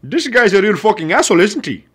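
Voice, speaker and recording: A man's voice: sits high, sing-song, fast, a bit bright, husky, full character voice. A man voicing a short-tempered, pint-sized male cartoon enforcer who spits out profane threats. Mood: menacing. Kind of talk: cartoon comedy voice acting.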